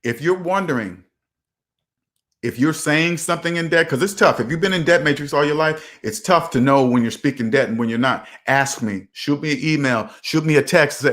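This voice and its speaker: Male finance host, slightly higher voice, emphatic and casual, acts out quotes. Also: moderate pace, a bit bright. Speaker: personal finance channel host. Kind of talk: casual advice monologue.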